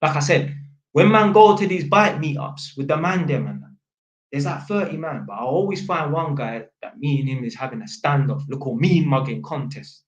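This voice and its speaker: A man's voice: fairly high pitch, normal speed, dull audio. Slangy young man in an echoey room. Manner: animated, slangy, acts out phone calls in quoted voices. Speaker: vlogger. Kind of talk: casual storytelling to camera. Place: at home, sitting at a small table.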